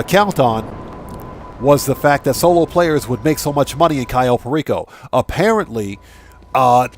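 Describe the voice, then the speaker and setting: A man's voice: fairly high pitch, no room sound. A man hosting a casual gaming live stream, chatting with viewers, thanking them by name and reading out their messages. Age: adult with a wife and child.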